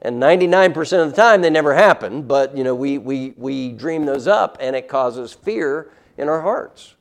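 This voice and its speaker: A man's voice: mid-range voice, animated, normal speed. A man teaching a Sunday school Bible lesson in a conversational way, often checking in with "all right?" and stressing the scripture he quotes.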